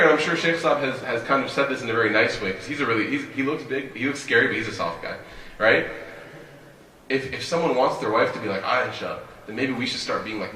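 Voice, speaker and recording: Fast-talking imam in echoey hall. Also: male voice, mid-range voice, recorded from a distance, slight background noise. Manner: animated storyteller, rhetorical questions. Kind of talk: sermon.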